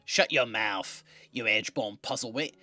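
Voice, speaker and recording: A brash, hot-headed nobleman with a London accent, as a man puts him on. He barks his lines loudly and with indignation. Faint music plays underneath. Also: on the low side, normal speed. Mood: indignant.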